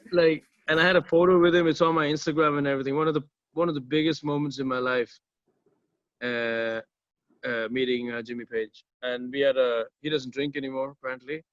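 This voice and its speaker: A man's voice: mid-range voice, steady tone, fairly quick, fairly bright tone, no room sound. A man from South India, a musician guest telling stories in a casual interview, rambling and swearing, with lots of fillers and restarts. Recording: dull, dry, lo-fi sound.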